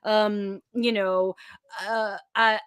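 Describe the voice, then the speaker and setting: A woman's voice: medium pitch, level tone, very slow, clean tone, no echo. A woman co-hosting a podcast, chatting casually and enthusiastically about a TV episode and laughing often. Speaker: podcast co-host. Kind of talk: casual chat recapping a TV episode. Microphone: remote call mic.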